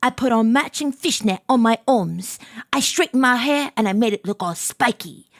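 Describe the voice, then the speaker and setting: A woman's voice: fairly high pitch, animated, moderate pace, dry recording, clean studio sound. A woman putting on a goth girl with a fake British accent. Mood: dramatic reading. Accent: put-on British accent. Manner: theatrical, self-mocking reading aloud. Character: gloomy goth teenage girl narrating her day.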